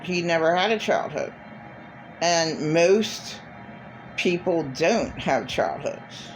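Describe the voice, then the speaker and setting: A woman's voice: fairly low pitch, expressive, takes it slowly, a little hiss or hum, poor audio. A middle-aged woman vlogging in a blunt, profane, repetitive rant. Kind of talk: casual monologue.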